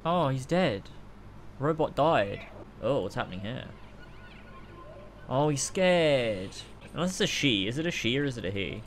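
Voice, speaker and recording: A young man streaming a game, reacting excitedly, swearing and laughing often, and reading the game's dialogue aloud. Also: medium pitch, measured pace, pauses often, a little hiss or hum. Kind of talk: gameplay reaction commentary.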